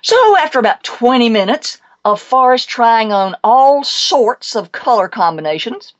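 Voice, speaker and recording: Lively woman telling a pet story. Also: a little high, measured pace, highs cut off. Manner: lively, emphatic, chatty. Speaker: show host and pet psychic. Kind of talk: animated storytelling on a talk show.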